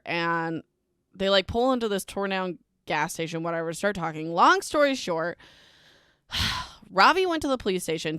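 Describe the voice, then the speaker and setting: A young woman hosting a podcast, giving a casual, sarcastic recap of a novel, full of "like" and "whatever" and quick to dismiss the characters. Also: medium pitch, fairly bright tone, clean tone, dry recording, clean studio sound. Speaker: podcast host.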